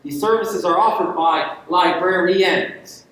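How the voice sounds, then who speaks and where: Slow and high-pitched, a bit bright in tone, a man gives an invited public lecture at a university, speaking emphatically with rhetorical questions and ironic asides. The echoey lecture hall recording has a little hiss or hum.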